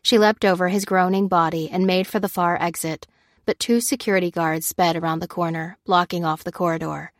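A woman narrating a novel chapter in a steady, measured reading. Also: on the low side, dry recording, clean studio sound. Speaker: audiobook narrator. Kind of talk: scripted narration.

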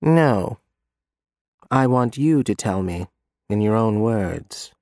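A man voicing a menacing adult man in an audiobook, speaking low and urgent. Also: expressive, takes it slowly, darkish tone, no echo, clean studio sound. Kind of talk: audiobook character voice.

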